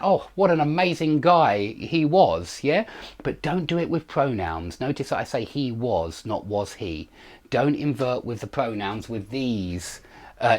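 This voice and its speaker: A man's voice: fairly high pitch, darkish tone. A man teaches English grammar in a live online lesson. His voice rises and falls a lot, and he speaks in short explaining bursts. He reads example sentences aloud and stops often on fillers and self-corrections.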